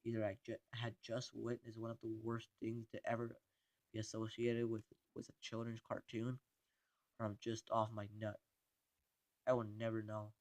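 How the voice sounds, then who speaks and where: A man narrating a creepypasta, reading haltingly with frequent stumbles and restarts. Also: lowish voice, completely flat delivery, a little mellow, no room sound.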